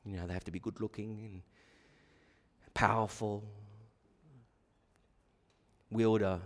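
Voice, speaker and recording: A middle-aged man preaching a sermon as pastor, shifting between quiet asides and emphatic points. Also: fairly low pitch, steady tone, takes it slowly. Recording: long hall reverb.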